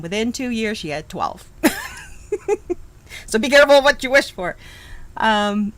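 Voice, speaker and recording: Middle-aged woman knitting on a live stream, talks slow with a bouncy lively voice, chatty and laughing a lot. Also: fairly high pitch, poor audio. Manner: chatty, reacts to chat, frequent restarts and laughs. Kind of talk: casual live-stream chat.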